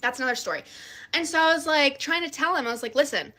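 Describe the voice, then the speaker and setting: A woman telling a personal story to camera in an animated way, with some swearing. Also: high-pitched, fast.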